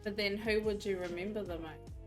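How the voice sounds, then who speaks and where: A woman's voice: mid-range voice, steady tone, brisk, music in the background. A woman chatting casually and hesitantly as co-host of a reaction video. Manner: hesitant, soft-spoken, playful.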